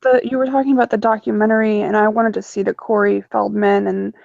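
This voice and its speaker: A woman joins a casual online group chat as a guest, with a gravelly, creaky voice. She talks in unsure, questioning turns. The sound is dry, muffled and lo-fi. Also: medium pitch, little pitch movement, fast, a little mellow, dry recording. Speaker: panel guest. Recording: dull lo-fi microphone.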